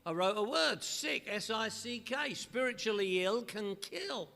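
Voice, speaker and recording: His voice sits high and sounds animated, creaky, pushed and bright, delivered a little slowly. He's a middle-aged AA speaker from northwest London with a London accent, giving a funny recovery talk full of comic repetition, recorded with echoey reverb in a meeting hall.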